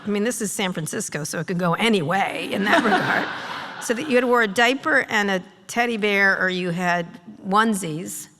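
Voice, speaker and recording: A middle-aged woman speaks as a guest at a live stage talk, with a voice of medium pitch. She tells stories in a sardonic, profane way and keeps slipping into quick imitations of other people. Her voice carries a long reverb from a large hall. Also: pushed and bright, a little hiss or hum. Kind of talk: on-stage storytelling conversation. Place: live event hall with audience.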